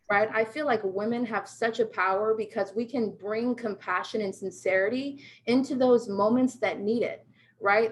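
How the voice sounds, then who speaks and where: A woman from the United States coaching salespeople on a video call, emphatic and peppered with "right?". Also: on the high side. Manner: emphatic, keeps asking "right?". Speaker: sales trainer.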